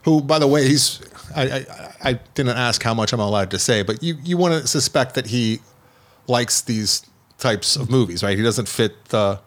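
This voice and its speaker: A man's voice: medium pitch, normal speed. A middle-aged man co-hosting a film podcast, chatty and rambling, poking fun at himself. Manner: rambling, self-deprecating, chatty. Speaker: podcast co-host, film reviewer. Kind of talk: casual chat.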